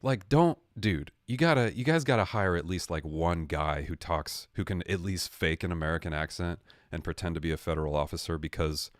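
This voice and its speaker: Man, deep voice, livestream host, casual rant, sarcastic jokes, dry close sound. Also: animated, brisk, hardly any pauses, no room sound. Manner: jokey, sarcastic, self-correcting.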